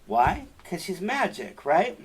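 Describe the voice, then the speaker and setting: Slow, husky man explaining a fairy tale. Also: high voice, huge pitch swings, low-quality recording. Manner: stops often to explain and question, conversational. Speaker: storyteller and teacher. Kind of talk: fairy tale reading with moral commentary.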